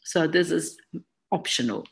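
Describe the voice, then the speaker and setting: A woman's voice: deep voice, unhurried, gravelly. A British woman presenting a live webinar as an English exam teacher, talking conversationally and answering chat questions as they come in.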